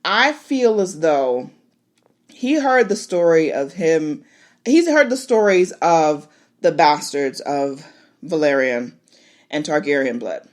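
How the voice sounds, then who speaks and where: A woman with a fairly low voice recaps an episode for her podcast in casual chat. Her pitch swings widely as she gets worked up, and she laughs and exclaims at the story as she talks. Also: expressive, slow. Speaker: podcast host.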